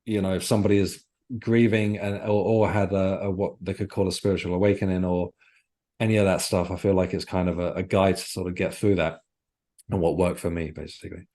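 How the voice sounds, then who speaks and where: Deep-voiced man telling a personal story. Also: little pitch movement, fairly quick, warm tone. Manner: reflective, earnest, searching for words. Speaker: author guest. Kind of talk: podcast interview, personal storytelling.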